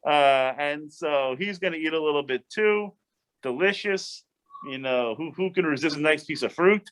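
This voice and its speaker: A man, a rabbi, leading a casual Bible study, talking in an animated, chatty way with many restarts and asides. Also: on the high side, normal speed.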